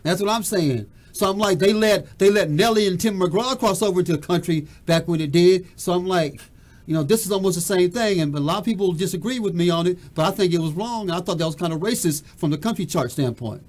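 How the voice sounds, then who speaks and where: A man with a fairly high voice hosts a casual music talk show. He talks in a measured, steady way and often stumbles and restarts as he searches for words. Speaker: host. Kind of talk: casual radio-style chat.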